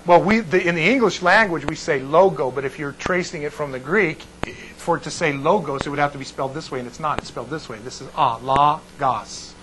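Chatty Bible class teacher, fairly high voice. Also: male voice, quick pace, hardly any pauses, pushed and bright, a little hiss or hum, low-quality recording. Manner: digressive, restarts often, checks in with the class.

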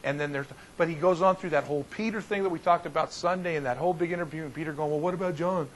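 A man teaching as a pastor in an informal Bible study, talking in a folksy, animated way and often restarting his sentences. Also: a little high, rapid-fire, a little hiss or hum, rough recording.

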